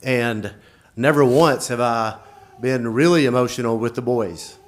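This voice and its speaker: Male coach, mid-pitch, choked-up thank-you speech at a board meeting. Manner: emotional, halting, with nervous laughs. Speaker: football coach.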